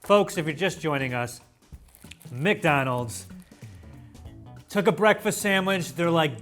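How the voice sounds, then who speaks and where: A man from the US hosting a casual food review, playful and excitable, with mock-dramatic asides. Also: on the high side, measured pace, pauses often, soft background music. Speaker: food show host.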